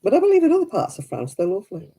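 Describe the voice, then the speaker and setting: A middle-aged woman chats casually at home, telling stories as she works on her crafts. Her voice is warm and a little raspy, and it rises and falls a great deal. She laughs easily between her stories. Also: mid-range voice, wildly swooping pitch, racing, low-quality recording. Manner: chatty and anecdotal, laughs often. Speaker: craft vlogger. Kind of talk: casual chat while crafting.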